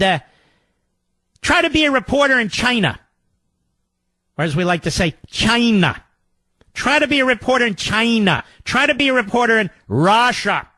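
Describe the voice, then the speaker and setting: A man's voice: very high voice, pushed and bright, dry recording. A man hosting a political talk radio show, delivering a sarcastic, mocking monologue.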